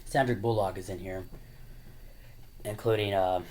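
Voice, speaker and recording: Laid-back man rambling in a low voice. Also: steady tone, moderate pace, darkish tone. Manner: rambling, full of "you know" and "like"; laughs often while talking. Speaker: YouTuber. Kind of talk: casual chat.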